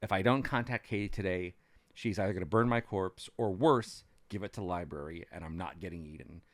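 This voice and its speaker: A man with a low voice recaps a story in a casual podcast chat, animated and full of ums. The sound is dry and close-miked, with no room behind him. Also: brisk, dry recording. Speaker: podcast co-host recapping as a cast member.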